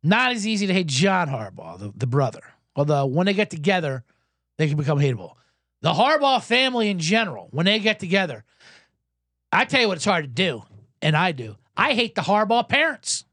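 Profane ranting podcast host. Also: male voice, high voice, very animated, fairly quick, a bit bright, no room sound, clean studio sound. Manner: ranting, sarcastic, profane, self-interrupting. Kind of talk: comedic sports podcast rant.

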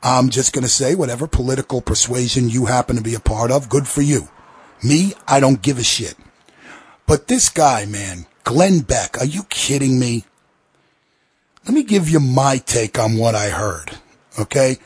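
A man's voice: mid-range voice, lively intonation, moderate pace, breathy edge, no echo. A man hosting a podcast, delivering a profane, sarcastic, heated rant. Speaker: podcast host. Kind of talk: ranting podcast commentary.

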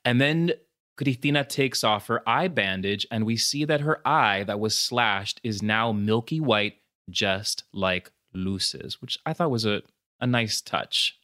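Dude hosting a podcast, crisp bright voice, dry close sound, sprinkles in while recapping a movie. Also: male voice, fairly low pitch, unhurried, no echo. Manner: animated storyteller mixing in Spanish words, swears and laughs. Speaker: podcast host. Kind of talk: casual chat recapping a film.

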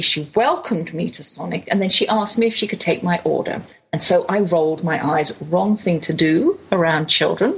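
A middle-aged woman with an English accent, hosting a radio show and telling a chatty, animated story. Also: lowish voice, husky, poor audio. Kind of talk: casual storytelling monologue.

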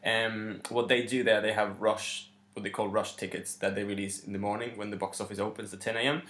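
A man's voice: lowish voice, little pitch movement, brisk, a bit bright. A man co-hosting a podcast, chatting casually with frequent ums and restarts. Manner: chatty, organized, hesitant with many ums. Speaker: podcast co-host. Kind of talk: casual chat. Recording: roomy echo.

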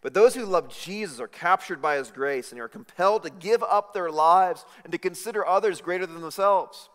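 A man preaching a sermon, swinging from loud emphatic lines to hushed, intimate ones. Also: high voice, moderate pace. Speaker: pastor. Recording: reverberant hall.

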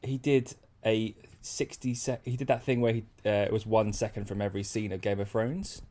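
A man's voice: lowish voice, fairly even intonation, normal speed, dark tone. A man in casual chat, hesitant and self-deprecating, often laughing.

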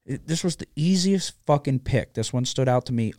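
A man's voice: mid-range voice, lively intonation, normal speed, darkish tone, dry recording, studio quality. A man co-hosting a sports betting podcast, ranting with frequent profanity in casual chat.

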